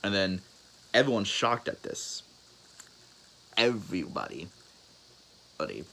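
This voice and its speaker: A young man with a deep, low voice makes up a fan story as he goes, stopping, restarting and reaching for words. A faint hiss of noise sits under the recording. His telling is loose and unscripted. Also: very animated, creaky, sharp tone, rough recording. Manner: halting, rambling, with many restarts and fillers. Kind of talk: improvised spoken fan story.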